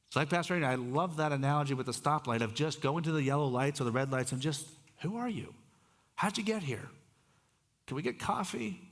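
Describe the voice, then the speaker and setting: A man's voice: medium pitch, a bit bright, in a large hall. A man who is a pastor, giving a conversational sermon in a church and putting questions to the congregation. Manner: conversational, restarts phrases, asks the congregation questions. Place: church sanctuary.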